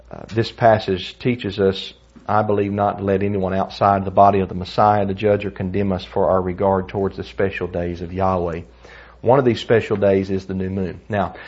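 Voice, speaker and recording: A man's voice: deep voice, a little mellow, husky. A man teaching a Bible lesson in an earnest, conversational way, telling personal stories along the way. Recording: dull lo-fi recording.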